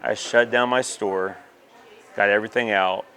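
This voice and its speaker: A man's voice: fairly low pitch, steady tone, moderate pace, sharp tone. A man, candidly telling a personal story in an interview, with many fillers. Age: 30s.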